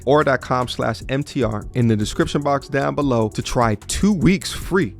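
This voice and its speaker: A man's voice: mid-range voice, creaky. A man hosting a casual commentary channel who talks straight to his viewers in a blunt, incredulous way, recorded close in a home studio.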